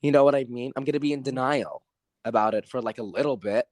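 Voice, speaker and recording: A man's voice: mid-range voice, fast, darkish tone, no echo, clean studio sound. A man co-hosting a podcast, ranting in a frustrated, rambling way and repeating that he doesn't know. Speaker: podcast co-host. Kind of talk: casual movie review chat.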